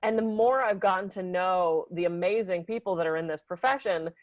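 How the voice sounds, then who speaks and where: A woman's voice: on the low side, no room sound, poor audio. A woman hosting a podcast interview, chatting casually and praising her guest effusively. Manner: effusive and emotional, quick to praise. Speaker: podcast host.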